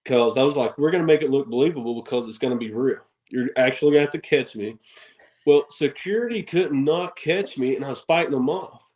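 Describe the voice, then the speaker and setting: A man, a wrestler guest on a podcast, telling stories in an animated way, acting out quotes and laughing often. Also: mid-range voice, brisk, low-quality recording. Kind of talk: casual storytelling interview.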